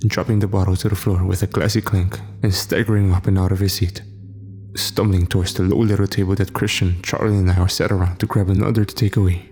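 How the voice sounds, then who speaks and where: A man narrating a horror story in measured first-person storytelling. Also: low-pitched, little pitch movement, darkish tone, a little hiss or hum.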